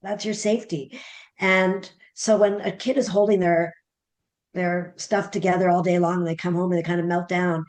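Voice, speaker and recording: A woman's voice: lowish voice, level tone, moderate pace, darkish tone. A middle-aged woman, a parenting author guest, telling a story animatedly and acting out the dialogue. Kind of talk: conversational storytelling interview.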